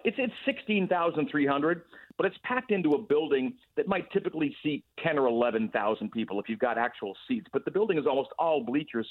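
A man talking over a sports radio phone line, thoughtful and full of restarts and repeated words. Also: medium pitch. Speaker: radio play-by-play guest. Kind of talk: sports radio call-in chat. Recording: tinny phone-line sound.

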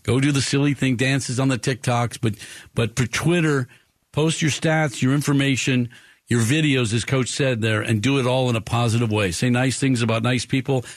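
A man's voice: mid-range voice, fairly even intonation, moderate pace, no room sound. A man hosts a sports talk radio show from a studio, speaking in a mid-range voice. He rambles with enthusiasm, restarting sentences as he goes. The sound is close and dry, with no room around it.

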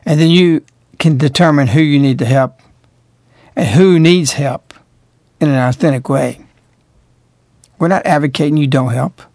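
Man, radio host, preachy and emphatic, fairly high voice, dry close sound. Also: unhurried, pauses often, a little mellow, no room sound. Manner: emphatic, moralizing, rhetorical questions.

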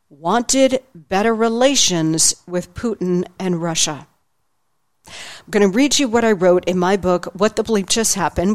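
Sarcastic woman political talk host. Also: medium pitch. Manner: sarcastic, mocking, emphatic. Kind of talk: political commentary, reading from her own book.

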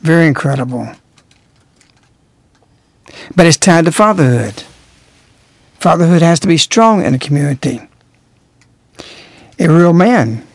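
A man's voice: fairly high pitch, animated, unhurried, gravelly, pauses often, no room sound. Earnest man in a dry radio studio. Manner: earnest, emphatic, rising to stress key words. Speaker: radio commentator. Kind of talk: religious radio talk.

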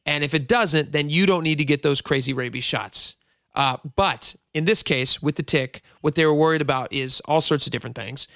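A man's voice: a little high, moderate pace, creaky, fairly bright tone, dry recording. Storytelling male radio host, dry sound. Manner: rambling, storytelling with asides. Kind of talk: casual talk radio monologue.

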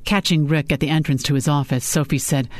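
Brief: female audiobook narrator, even storytelling tone, dry close mic. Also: sits low, a little fast, no echo. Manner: steady storytelling. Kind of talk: scripted narration.

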